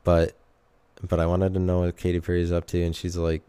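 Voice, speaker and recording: Male, low and smooth-voiced, rambling sardonic solo talker who keeps correcting himself. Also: completely flat delivery, fairly quick, mellow, dry recording. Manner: self-interrupting, sardonic, restarts sentences.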